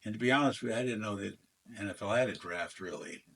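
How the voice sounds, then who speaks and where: A man's voice: lowish voice, quick pace, fairly bright tone, slight background noise. Older man spinning rambling stories. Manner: rambling anecdotes, acts out quoted dialogue, frequent fillers. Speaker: former football player, interview guest. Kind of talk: casual storytelling interview.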